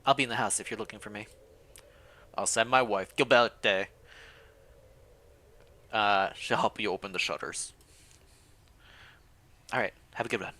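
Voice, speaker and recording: A man's voice: lowish voice, fairly even intonation, unhurried, long pauses, bright, forceful tone. A man voicing a curt retired estate warden, speaking tersely in a put-on foreign accent. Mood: gruff.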